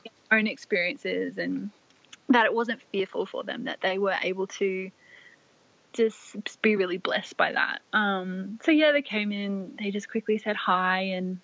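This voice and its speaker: A young Australian woman, a podcast guest, telling a personal story in a soft, rambling way full of "like" fillers. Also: mid-range voice, measured pace, no echo. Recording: dry, slightly dull lo-fi audio.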